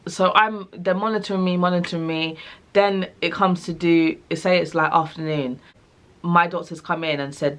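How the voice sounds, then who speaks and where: Young woman, low voice, casual vlog storytelling, acts out voices. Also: moderate pace. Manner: animated, acts out quoted dialogue. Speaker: vlogger.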